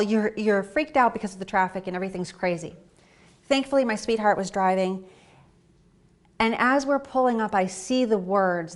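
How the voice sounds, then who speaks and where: A woman in her forties giving a personal story talk, animated, acting out her own quoted reactions. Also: mid-range voice. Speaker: speaker. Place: stage talk.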